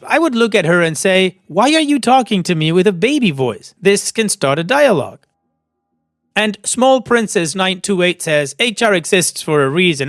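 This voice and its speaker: A man's voice: high voice, fairly bright tone, no echo, studio quality. A man narrating online posts aloud and adding friendly, advice-giving commentary between them.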